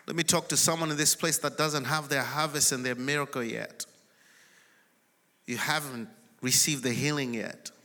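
Pastor, male, bright and forceful, preaching in a big echoing sanctuary, peaks into shouts. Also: mid-range voice, fairly even intonation, normal speed. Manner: builds to shouted declarations. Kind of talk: sermon. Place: large church sanctuary. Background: congregation responding.

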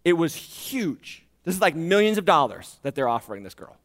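A man preaching a sermon, animated and jokey, acting out voices and alarm-clock beeps. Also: a little high, normal speed. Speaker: pastor.

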